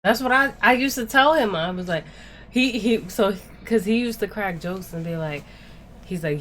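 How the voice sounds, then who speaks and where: A young woman telling a story in casual chat, animated and profane, with lots of "like" and "yo". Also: mid-range voice, moderate pace, slight background noise. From Spanish-speaking background. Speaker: podcast co-host.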